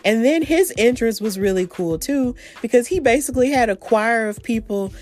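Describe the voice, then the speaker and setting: Woman, podcast host, casual chat, excitable storytelling, slangy, faint background music. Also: fairly high pitch, moderate pace. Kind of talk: casual solo podcast commentary.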